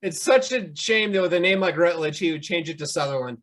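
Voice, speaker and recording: A man's voice: fairly high pitch, brisk, a bit bright. A man guesting on a casual podcast, tossing in dry one-liners.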